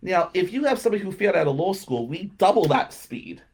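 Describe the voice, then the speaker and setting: A man's voice: high voice, sing-song, quick pace, darkish tone, husky. A man, hosting a radio talk show and telling self-mocking stories in a casual comedic monologue. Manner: self-mocking storytelling, laughing at his own jokes. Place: radio studio.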